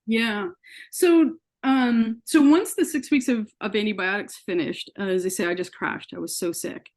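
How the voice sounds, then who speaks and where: A woman's voice: medium pitch, moderate pace, a little mellow. A woman as an interview guest, earnestly telling a personal story and acting out the dialogue she quotes.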